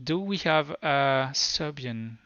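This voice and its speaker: A man with a French accent, a native French speaker, giving a live tech demo at a conference in a halting way with many restarts. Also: mid-range voice, lively intonation, pushed and bright, no room sound. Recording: dull lo-fi sound.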